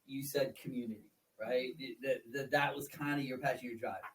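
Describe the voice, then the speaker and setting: A man's voice: mid-range voice, fairly even intonation, fairly quick, far from the mic, poor audio. A man in his forties hosting a casual interview chat, telling stories with repeated words and laughing as he talks. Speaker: podcast host.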